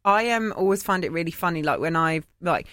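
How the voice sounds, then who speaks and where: A woman's voice: lowish voice, a little fast, fairly bright tone, no room sound, studio quality. A woman co-hosting a radio show, telling stories in a chatty, slangy way. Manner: chatty, storytelling, slang-heavy. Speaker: radio co-host. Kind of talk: casual radio chat.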